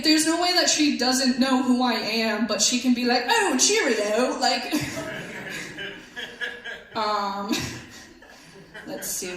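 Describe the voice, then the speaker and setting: Young female stand-up comic, slightly high voice, deadpan self-deprecating delivery, stage mic in a very echoey room. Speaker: stand-up comedian. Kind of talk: stand-up comedy set. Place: comedy club stage. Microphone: handheld stage mic. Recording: echoey club room, faint hum.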